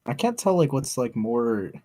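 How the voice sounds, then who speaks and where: Giggly, husky-voiced streaming co-host. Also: mid-range voice, big pitch swings, normal speed, warm tone. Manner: giggly, profane storytelling. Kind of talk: casual live-stream chat.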